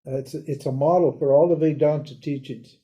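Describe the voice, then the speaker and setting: An older man giving a live lecture on a spiritual text in a casual, animated way, laughing often and mimicking other people. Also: on the high side, brisk, highs cut off. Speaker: Vedanta teacher.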